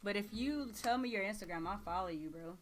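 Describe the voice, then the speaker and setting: A woman's voice: medium pitch, brisk. A tired woman in her thirties with a Texas drawl, chatting casually on a live stream in a slangy, laid-back way while she reads the chat aloud. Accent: Texan.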